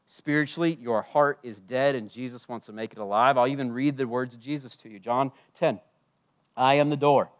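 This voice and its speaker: A man preaching a sermon at a church service, impassioned, swinging between loud declarations and hushed asides. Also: medium pitch, fairly even intonation, normal speed. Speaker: pastor.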